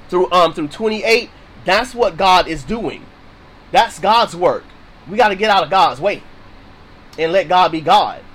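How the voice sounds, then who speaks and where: Through poor audio, a man with a high, slightly bright voice preaches on scripture. As a Bible teacher, he phrases things casually and drives his points home by repeating them emphatically.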